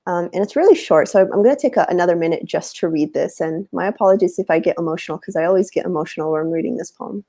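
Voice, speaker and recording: A woman's voice: fairly low pitch, rapid-fire, hardly any pauses, mellow, no room sound. A woman hosting a conversation, speaking earnestly with many fillers and reading a poem with feeling over a video call. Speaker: host.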